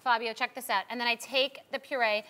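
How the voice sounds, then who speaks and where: A woman's voice: fairly high pitch, steady tone, brisk, sharp tone. A woman hosting a talk show on a TV studio stage, chatting casually with a teasing, joking manner. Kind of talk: casual chat.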